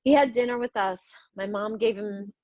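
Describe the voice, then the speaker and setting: Speaking at normal speed in a mid-range, darkish-toned voice, a middle-aged woman narrates her life story as a podcast host. She is somber and confessional, blunt, occasionally swearing. The audio is dull, with no room sound.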